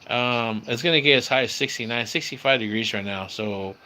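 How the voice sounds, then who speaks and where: A man's voice: mid-range voice, a little fast, bright, forceful tone, a little hiss or hum. A man from San Diego, hosting a casual livestream and chatting with viewers in a laid-back way, calling everyone bro and dude. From San Diego, California. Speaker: livestream host. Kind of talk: casual live-stream chat with viewers. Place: at home near a screen door.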